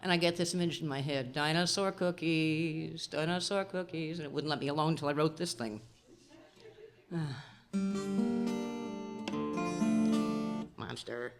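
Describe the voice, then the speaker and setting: A woman's voice: sits low, fast talker, hardly any pauses. A woman folk singer chatting wryly between songs at a convention concert, laughing at herself as she introduces her pieces. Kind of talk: casual stage patter between songs. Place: indoor convention concert room. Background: guitar being strummed and tuned.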